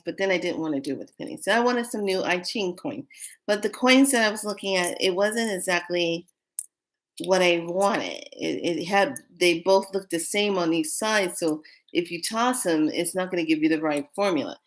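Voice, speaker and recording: A woman who reads oracle cards, telling a rambling, excitable story in a casual vlog. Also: lowish voice, moderate pace. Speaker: oracle card reader.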